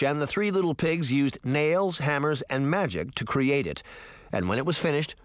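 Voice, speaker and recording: A man narrating a children's novel in an expressive storytelling manner, voicing each character. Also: mid-range voice, no room sound, studio quality. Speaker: audiobook narrator. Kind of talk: scripted narration.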